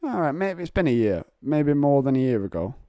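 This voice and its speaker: Mellow rambling English podcast man. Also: fairly high pitch, very animated, fairly quick, dry recording, clean studio sound. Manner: rambling, digressive, self-mocking. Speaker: podcast host. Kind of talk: casual solo podcast monologue. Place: home, on a couch.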